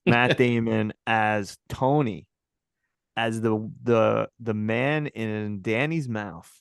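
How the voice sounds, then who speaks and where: A man with a gravelly, mid-pitched voice hosts a casual movie podcast. He speaks slowly and jokes dry and crude. The recording is close and dry. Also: fairly even intonation, no echo. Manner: dry, crude joking, steers the segment. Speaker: podcast co-host.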